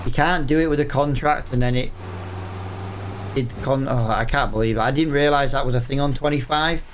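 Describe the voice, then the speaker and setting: Casual male streamer talking viewers through a game, mid-pitched, faint noise behind. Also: fairly quick. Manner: chatty, exasperated, talks to viewers. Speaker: gaming streamer. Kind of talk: casual gameplay commentary.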